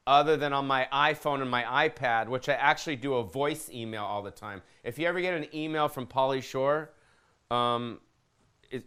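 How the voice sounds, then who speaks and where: A podcast host in his fifties goes on a loose, jokey, profane rant, now and then throwing questions to his producer. His voice sits in the mid range, a little bright, with a clean tone.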